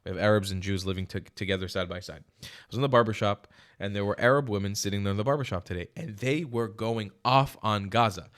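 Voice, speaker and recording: A man hosting a reaction vlog, talking bluntly with lots of swearing and emphasis, swinging from loud outbursts to quiet asides. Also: fairly low pitch, fast. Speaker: reaction video host. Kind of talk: casual opinionated commentary. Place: lives in Israel.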